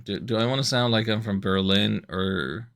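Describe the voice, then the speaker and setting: A man's voice: fairly low pitch, moderate pace, vocal fry, a bit bright. A man casually commenting while streaming a video game, with joking, rambling asides.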